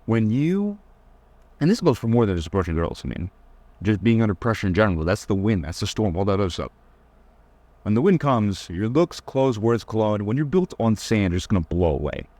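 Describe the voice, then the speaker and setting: A young man talks through a casual dating-advice lecture, blunt and teasing. His voice sits fairly low yet swings widely in pitch. The sound is dry and close. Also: big pitch swings, brisk, warm tone, no room sound. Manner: blunt, teasing, mocks with whiny put-on voices.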